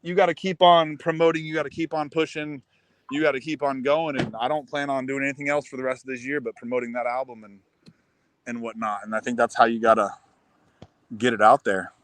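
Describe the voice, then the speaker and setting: A man guest on a live talk show, telling stories with lots of restarts in a casual, animated way. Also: mid-range voice, a little fast, low-quality recording. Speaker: musician guest. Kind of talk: casual chat.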